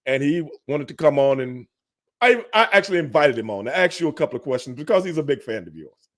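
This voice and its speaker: A man's voice: fairly high pitch, animated, fast, a bit bright. Laid-back Texan host peppering talk with "man". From Texas. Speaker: podcast host. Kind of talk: casual interview chat.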